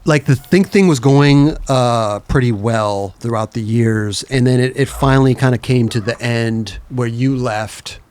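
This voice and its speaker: Unhurried man hosting a casual interview. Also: medium pitch, darkish tone, smooth. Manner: laid-back, short affirmations and open questions. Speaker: podcast host.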